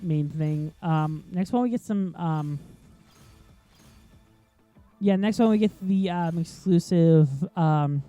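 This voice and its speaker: Slow and mellow, with long pauses and a voice on the high side, this gaming channel host talks over faint background music. His casual let's-play commentary rambles, drifts off topic and is full of ums.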